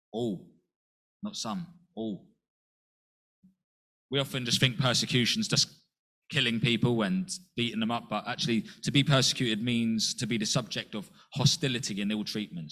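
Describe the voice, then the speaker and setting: Man preaching a sermon, earnest, lots of rhetorical questions, voice jumps up high for quotes. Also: a bit bright. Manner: earnest, with rhetorical questions and sudden rises in pitch.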